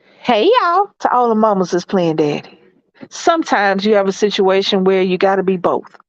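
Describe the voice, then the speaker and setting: A woman's voice: medium pitch, moderate pace, dry recording. A middle-aged woman hosting a vlog, chatting casually and laughing to her viewers. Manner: lively, laughing, African American Vernacular grammar. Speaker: vlog host. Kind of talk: casual chat to camera. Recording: dull lo-fi sound, dry room.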